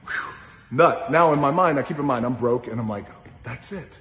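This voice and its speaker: A man spins a casual, expressive anecdote, acting out the other people in it and swearing freely. His voice sits at an ordinary middle pitch. It rings through a large room with a long, trailing reverb. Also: normal speed. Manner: lively storyteller who acts out other people's lines and swears freely. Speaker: guest telling a story. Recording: roomy hall with long reverb.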